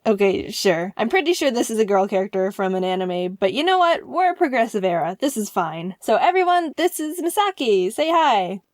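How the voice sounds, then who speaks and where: A woman's fairly high voice carries a comic storytime, playful and quick to get excited as she slips into little impressions. The recording is close and dry, with no room sound around her. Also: no room sound. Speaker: animation channel host. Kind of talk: comedic storytime narration.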